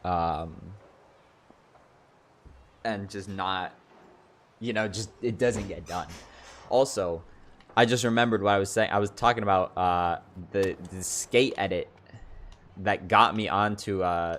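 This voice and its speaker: A man's voice: low-pitched, a little slow, long pauses, a bit bright, slight background noise. A young man chatting casually on a livestream, rambling and filling his talk with "like" and "you know". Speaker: streamer.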